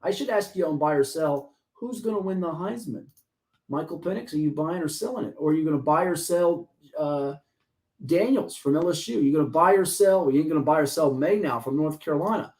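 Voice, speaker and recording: Fast-talking excitable sports show host. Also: male voice, a little high, low-quality recording. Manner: fast, excitable, jokey and talkative. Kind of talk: casual sports talk.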